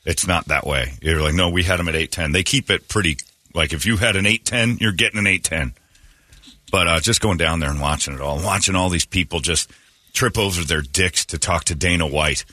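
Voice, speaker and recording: A man's voice: deep voice, moderate pace, sharp tone, no room sound. A man who works as a radio host, telling rambling anecdotes in casual chat and acting out quoted lines.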